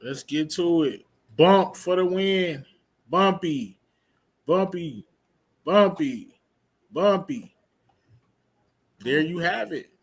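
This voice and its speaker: A man's voice: on the high side, lively intonation, takes it slowly, pauses often, breathy edge. A man hosting a review show in a casual chat, hyping up his big announcements and stretching out titles.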